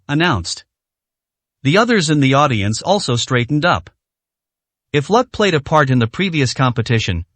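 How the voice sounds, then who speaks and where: A man reading a story aloud in a steady, even scripted narration. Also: on the high side, no room sound.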